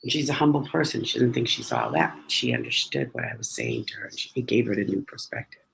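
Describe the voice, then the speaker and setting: A woman chatting casually about her travels, animated and acting out the dialogue as she tells each story. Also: extremely low pitch, fast talker, vocal fry, slight background noise, low-quality recording.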